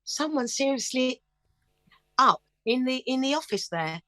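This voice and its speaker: A woman's voice: high-pitched, animated, unhurried, bright, forceful tone, no echo. A middle-aged woman talking as a guest in a casual interview, chirpy and upbeat, telling stories with animation. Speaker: guest singer.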